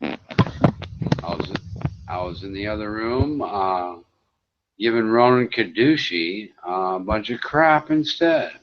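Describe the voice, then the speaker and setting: A man's voice: on the low side, expressive, takes it slowly, pauses often, highs cut off, noisy background. A man moderating a casual online voice chat, talking bluntly, with lots of swearing and exasperation.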